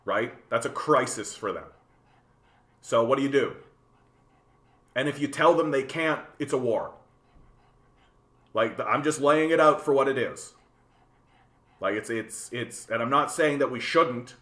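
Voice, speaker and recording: A man hosts a casual livestream and rants at his chat in an animated, profane way. His voice is bright and forceful, and he often repeats words while he works out his point. The sound is roomy, with echo from the space around him. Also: medium pitch, a little slow, pauses often. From Canada. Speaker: livestream host reading chat.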